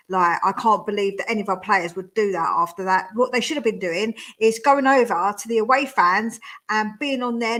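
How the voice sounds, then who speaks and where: A woman's voice: fairly high pitch, fairly bright tone. A woman with a London accent, speaking emphatically as a co-host in casual chat.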